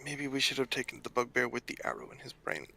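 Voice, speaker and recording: A man's voice: medium pitch, gravelly, rough recording. A man playing a tabletop game, laughing often and describing his moves. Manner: laughing often, slow and animated. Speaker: player.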